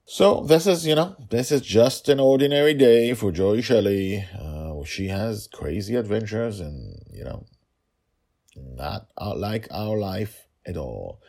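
A man hosting a fantasy story podcast, narrating in an animated way with chuckling asides. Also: fairly low pitch, measured pace, vocal fry.

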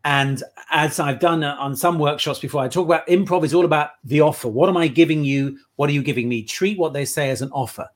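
A man's voice: a little high, quick pace, hardly any pauses. A man on a casual interview, telling playful anecdotes about his work as an improv performer. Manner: chatty anecdotal storyteller, playful.

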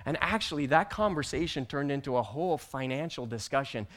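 A man teaching a church group, telling a personal story with animated delivery that builds to loud, emphatic peaks. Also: mid-range voice, fairly quick. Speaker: church teacher presenting slides.

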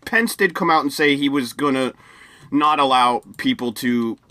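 Speaking at a normal speed, this man has a medium-pitched, sharp-toned voice captured in a dry recording. He co-hosts a podcast in loose conversation, wandering off track, restarting sentences and fixing his own words.

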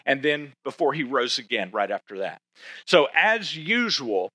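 Man, pastor, sermon, emphatic and chatty, rhetorical questions, fairly high bright voice. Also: no room sound.

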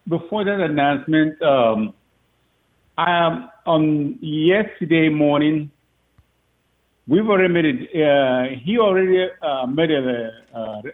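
A man, the father of a recruit, telling a story in a rambling, halting way with frequent laughs. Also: a little high, animated. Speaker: father of a recruit, interview guest. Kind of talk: phone interview, storytelling. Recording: tinny phone line.

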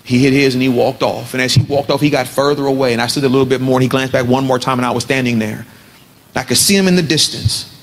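A man's voice: mid-range voice, fairly even intonation, fast talker. A man preaching a sermon to a men's gathering, telling a story and then building to fervent exhortation.

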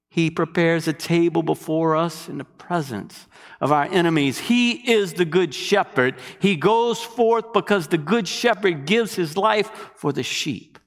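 A man preaching a sermon, animated, asking the congregation questions and waiting for answers. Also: on the high side, in a large hall.

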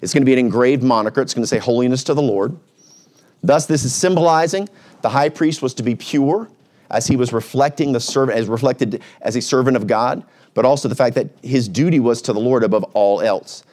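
A male pastor preaching a sermon in a lively, conversational way, dropping to a quiet low voice at reflective moments. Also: brisk. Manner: energetic, conversational preaching with sudden pitch swings.

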